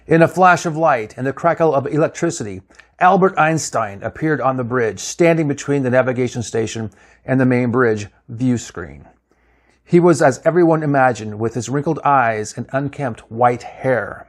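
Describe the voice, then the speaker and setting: A man's voice: medium pitch, moderate pace. Man narrating a read-aloud story.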